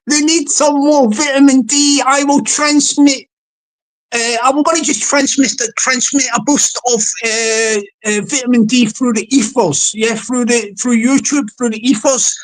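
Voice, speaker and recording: A woman's voice: high voice, steady tone, unhurried, poor audio. A woman hosting a livestream, talking in a rambling, playful, sing-song way that often repeats itself. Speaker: livestream host. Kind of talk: rambling casual livestream monologue.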